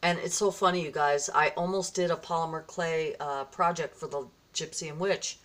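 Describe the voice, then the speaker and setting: A woman's voice: low voice, fairly even intonation, normal speed, a bit bright. A woman vlogging casually as she opens gifts, effusive and gushing, often gasping and exclaiming. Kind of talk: casual vlog, opening gifts from a viewer.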